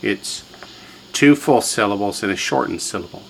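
A man's voice: fairly low pitch, lively intonation, normal speed, gravelly, fairly bright tone, a little hiss or hum, low-quality recording. A man teaching a classroom lesson, drilling students with repetition and quiz questions. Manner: drills students, has them repeat words, quizzes them. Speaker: language teacher.

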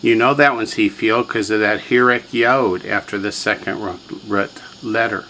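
In a low-quality recording with a little hiss or hum, a male language teacher drills his class, getting students to repeat words and answering quiz questions. His voice is on the low side, steady, bright and forceful, at a moderate pace.

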